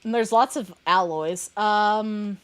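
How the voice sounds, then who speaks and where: A woman's voice: mid-range voice, slow, clear, resonant tone, rough recording. A woman streamer chatting casually while playing a game, rambling with lots of fillers and restarts. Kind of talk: casual chat while gaming.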